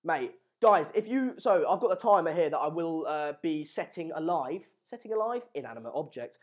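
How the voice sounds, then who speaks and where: A man's voice: a little high, normal speed. A young man from England hosting a live football watchalong stream, reading out viewer comments and joking around with lots of fillers and restarts. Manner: jokey banter, rambling with fillers and restarts. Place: home room in Madrid.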